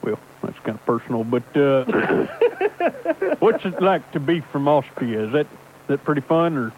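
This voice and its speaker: A man playing a bumbling, folksy truck driver who acts as a reporter, with a drawl, who keeps clearing his throat and rambles. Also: on the high side, big pitch swings, unhurried. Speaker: guest character in comedy bit. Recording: tinny lo-fi radio broadcast, faint hiss.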